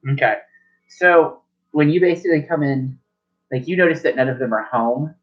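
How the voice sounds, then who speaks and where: A man's voice: fairly high pitch, moderate pace. A man narrating as game master at a tabletop game, rambling and correcting himself as he goes, in a lo-fi recording.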